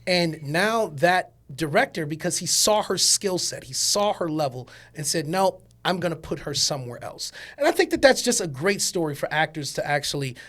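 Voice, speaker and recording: A man with a slightly raised voice hosting a relaxed conversation. He talks in halting bursts, repeating words and leaning on fillers as he explains his view. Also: fairly high pitch. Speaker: podcast host. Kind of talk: casual chat.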